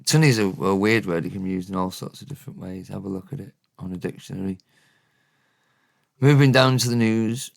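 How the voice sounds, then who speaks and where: A man with a Welsh accent giving a casual spoken language lesson, unhurried and thinking aloud, often correcting himself. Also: low-pitched, gravelly, no room sound, studio quality.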